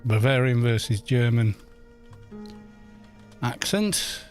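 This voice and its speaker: A man's voice: medium pitch, expressive, slow, soft background music. A middle-aged man with a London accent, chatting in a rambling way with viewers while he streams a game. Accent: London English. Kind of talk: casual chat while gaming.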